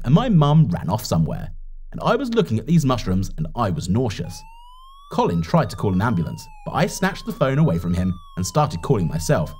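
Husky storyteller with swooping pitch. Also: male voice, darkish tone. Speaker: narrator. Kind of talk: first-person animated story narration.

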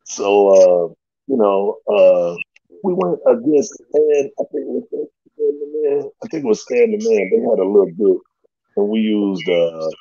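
A man telling stories in casual slangy talk, animated and loose, often laughing. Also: a little slow, no echo, lo-fi sound. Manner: animated, loose slangy storytelling with big pitch jumps and laughs. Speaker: guest storyteller. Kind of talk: casual storytelling.

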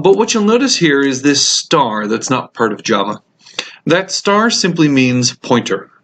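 A man teaching a programming course over a screen recording, explaining code in a relaxed way with frequent ums and uhs, while he has the hiccups. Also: medium pitch. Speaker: computer science instructor. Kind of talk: screencast code walkthrough lecture.

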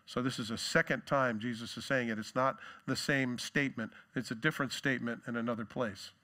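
A male pastor delivers a sermon in a loose, talky style, dropping jokes and side remarks as he goes. He acts out the quoted lines with lift and force, and his voice stays bright and forceful throughout. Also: medium pitch, steady tone, brisk. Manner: conversational preaching with asides and jokes.

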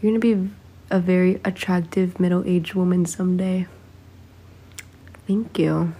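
Slow-talking young woman live streaming. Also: lowish voice, level tone, warm tone, husky. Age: 20s. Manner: chatty, reads viewer comments aloud, sings snatches of a song. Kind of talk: casual live stream chat. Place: home indoors.

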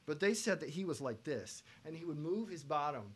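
A man teaching a pop vocal production masterclass to students, lively, breaking into loud sung examples. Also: a little high, a little fast, slight background noise. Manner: animated, belts out sung examples.

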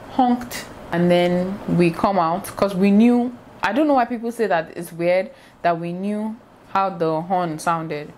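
Animated woman telling a story. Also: on the low side, a little hiss or hum. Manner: animated storyteller acting out sounds and quoted voices. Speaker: vlogger. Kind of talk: casual storytime vlog.

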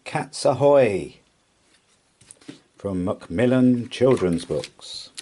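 A man reading a rhyming children's picture book aloud in an expressive storytelling voice. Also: fairly low pitch, slight background noise. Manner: slow, expressive rhyming delivery. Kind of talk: children's read-aloud narration.

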